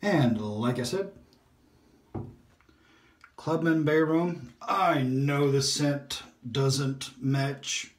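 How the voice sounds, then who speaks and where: A man hosts a casual shaving vlog, rambling and thinking out loud as he works. His voice sits at an ordinary middle pitch. The sound bounces around a hard, echoey bathroom. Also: drawn-out words, pauses often. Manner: relaxed, rambling, self-talk while shaving. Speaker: shaving video host. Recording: echoey room.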